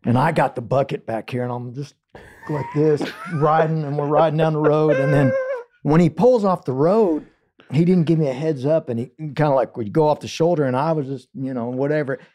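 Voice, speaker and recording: A man, a guest on a podcast, spinning a long, funny story in a voice a little higher than most men's. He jumps into the voices of the people in the story, climbing high and shouting when they do. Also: fairly quick. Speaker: guest songwriter. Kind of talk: animated storytelling.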